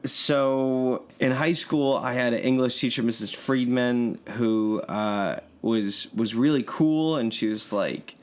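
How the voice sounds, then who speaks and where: A man's voice: medium pitch, slow, few pauses, clear, resonant tone. A man in a casual podcast chat, rambling and good-humored, chuckling between thoughts. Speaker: podcast co-host. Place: indoors in Yonkers, New York.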